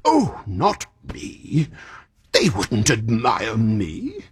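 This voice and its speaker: A fussy, sleepy old magician. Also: male voice, fairly low pitch, huge pitch swings, drawn-out words, full character voice. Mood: chatty. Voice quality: breathy, husky voice. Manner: chatty and musing, with sighs and yawns. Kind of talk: radio drama acting.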